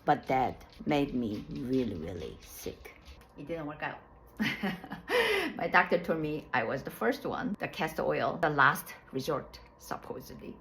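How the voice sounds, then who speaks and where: A woman casually telling her own birth story, candid and plainspoken, with loose, halting phrasing and laughs at herself. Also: deep voice, big pitch swings, a bit bright, a little hiss or hum, rough recording.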